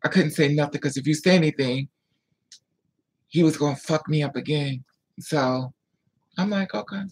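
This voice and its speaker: A vlogger telling a painful personal story in a candid, emotional way, sometimes dropping to a hush, and answering viewer comments aloud. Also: medium pitch, steady tone, moderate pace, husky, poor audio. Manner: emotional, candid storytelling with frequent hushed asides. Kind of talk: casual story time monologue.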